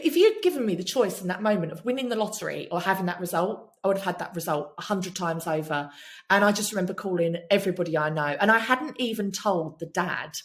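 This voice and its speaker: Frank woman, swearing freely. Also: medium pitch. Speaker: podcast guest. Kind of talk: candid storytelling chat.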